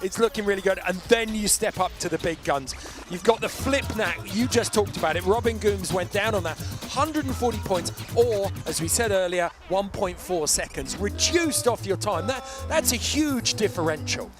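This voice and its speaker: A man commentating live at a bike event, brisk and explanatory with a joking edge. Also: sits high, lively intonation, over music.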